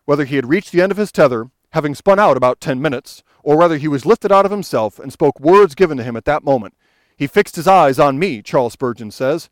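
A man's voice: a little high, expressive, fairly quick, no echo. A man preaching a sermon in an earnest, pastoral way, building to fervent emphasis as he quotes. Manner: earnest, rising to fervent emphasis when quoting.

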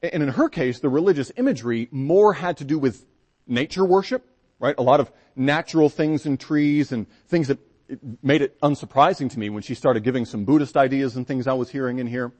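A man's voice: mid-range voice, brisk, darkish tone. A Baptist pastor, a man, telling a story from the pulpit in a folksy, conversational way with frequent restarts. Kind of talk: storytelling sermon.

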